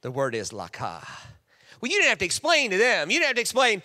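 Animated preacher in a reverberant hall. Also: male voice, sits high, quick pace. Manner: animated, acts out quoted voices, restarts often. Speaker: pastor. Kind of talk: sermon.

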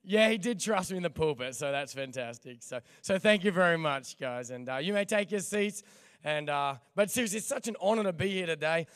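Young Australian male guest preacher, hoarse but energetic, fairly high clear voice. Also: a little fast, no echo, clean studio sound. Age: young adult. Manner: energetic, jokey, calls out to the crowd. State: hoarse, voice nearly lost. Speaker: guest pastor. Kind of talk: church sermon.

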